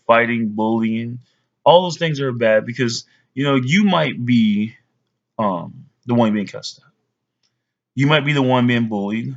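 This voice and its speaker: A man in his forties talks straight to his young sons, blunt and rambling, with plenty of ums along the way. His voice sits at an ordinary pitch, and the recording sounds a little dull and lo-fi. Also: a bit bright. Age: 40s. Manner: blunt, rambling, with many fillers. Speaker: father giving advice. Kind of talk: casual to-camera talk.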